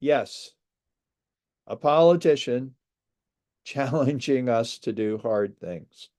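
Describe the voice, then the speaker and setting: Male speaker, mellow low-key tone, unhurried and earnest, reflective presentation talk. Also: lively intonation. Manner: measured, earnest, with pauses. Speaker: speaker on space migration. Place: lives outside a large US city.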